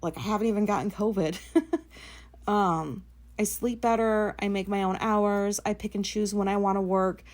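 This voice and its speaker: A woman's voice: medium pitch, fairly even intonation, moderate pace, a little mellow. A woman, likely, hosting her own show and telling a personal story in a blunt, profane, filler-heavy way. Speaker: podcast host.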